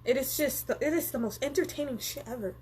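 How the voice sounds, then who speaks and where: A woman's voice: sits high, fast, slight background noise. A young woman hosting a live stream, chatting casually and swearing freely as she reads viewer comments and answers them. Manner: animated, profane, reads viewer comments aloud.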